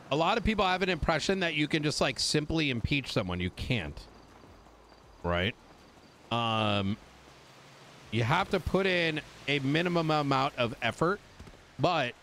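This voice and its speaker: A man's voice: fairly high pitch, a bit bright, a little hiss or hum. A man streaming, casually explaining things to his chat with many fillers.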